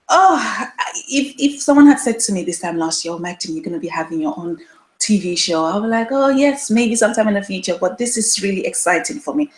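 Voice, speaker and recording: A woman's voice: fairly low pitch, a little mellow. Woman in her thirties, from Nigeria, solo show host, earnest and emphatic, echoey room. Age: 30s. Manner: earnest, emphatic, repeats phrases for stress. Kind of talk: solo live-stream talk to viewers.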